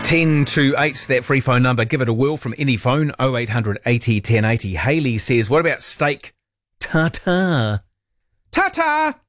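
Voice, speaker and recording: A man's voice: medium pitch, no room sound, clean studio sound. A man with a New Zealand accent hosting a talkback radio show in a playful, chatty way with jokey asides. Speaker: radio talk host. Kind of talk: casual talkback chat. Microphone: studio microphone.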